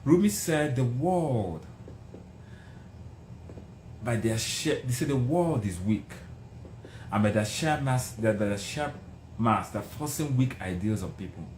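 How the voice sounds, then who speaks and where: A middle-aged man preaches success with passion and emphatic repetition. His mid-pitched voice carries through a roomy, echoing space with a faint hum of background noise. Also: expressive, takes it slowly, long pauses, a little mellow. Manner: passionate, emphatic, repeats phrases for effect. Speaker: motivational speaker. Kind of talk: motivational speech.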